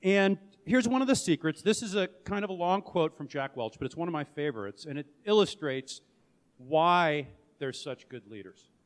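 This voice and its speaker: A man's voice: on the high side, animated, moderate pace. A middle-aged man, a company founder and CEO, giving a candid, conversational conference talk with frequent restarts. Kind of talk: conference presentation. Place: conference room or hall. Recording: long reverb of a hall.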